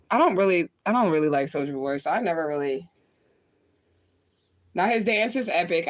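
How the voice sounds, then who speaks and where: A woman's voice: fairly low pitch, dry recording. A woman, a spiritual medium, chatting casually on a livestream, reading viewer comments and talking bluntly with lots of swearing and laughter. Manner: blunt, profane, laughs often.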